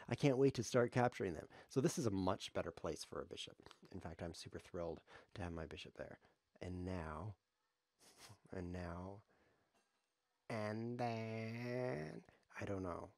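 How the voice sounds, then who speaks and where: A man's voice: on the low side, expressive, moderate pace, darkish tone, dry recording. A man giving rambling, jokey live commentary on his own chess game, thinking aloud as he streams.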